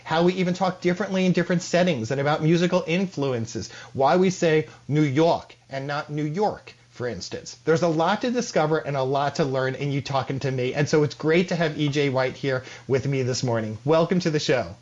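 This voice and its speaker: A man hosting a radio interview, reading out a measured introduction and asking questions. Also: on the high side. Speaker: radio show host. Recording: dull lo-fi radio sound.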